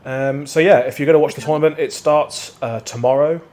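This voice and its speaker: A man's voice: on the high side, fairly even intonation, brisk, a little mellow. An English man hosting a show, chatting casually and joking while playing a game. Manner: upbeat, jokey banter. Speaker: host. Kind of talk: casual chat while gaming.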